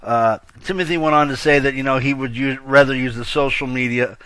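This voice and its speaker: A man's voice: medium pitch, steady tone, brisk, fairly bright tone, clean tone, no echo. A man hosting a casual online news show, hyped and slangy, laughing often and trailing off mid-thought. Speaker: host of a virtual-world news show.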